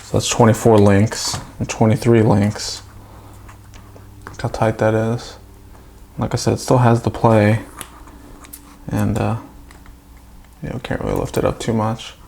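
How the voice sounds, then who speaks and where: A man's voice: on the low side, flat delivery, measured pace, vocal fry, long pauses, darkish tone, a little hiss or hum. A man casually talking through a toy build, chatty with self-mocking asides.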